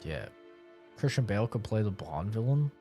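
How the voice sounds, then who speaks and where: Give me a young male streamer rambling and joking, with an animated voice. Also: lowish voice, moderate pace, faint music behind. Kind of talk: casual chat.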